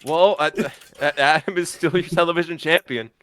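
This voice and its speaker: High-voiced male wrestling commentator. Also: normal speed. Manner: excited calls, laughing at the action. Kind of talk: play-by-play commentary.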